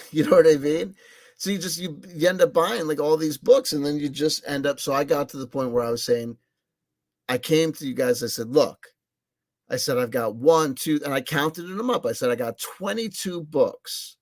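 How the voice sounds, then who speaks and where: A man vlogging in a rambling casual monologue, excitable and self-mocking, repeating himself, swearing and laughing as he talks. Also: on the high side, normal speed, no room sound.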